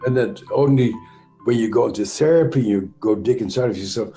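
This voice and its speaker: A man with a Dutch accent, an interview guest explaining ideas in a thoughtful, halting way with frequent pauses and self-corrections. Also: mid-range voice, dark tone, roomy sound, soft background music. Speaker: interview guest, trauma expert. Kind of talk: conversational explanation.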